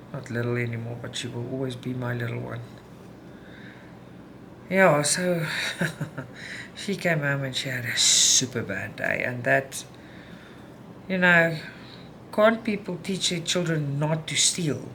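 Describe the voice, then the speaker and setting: A woman's voice: deep voice, a bit bright. South African woman venting candidly. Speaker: cross-stitch vlogger. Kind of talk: casual chat to viewers while stitching. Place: home room. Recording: home recording with background noise.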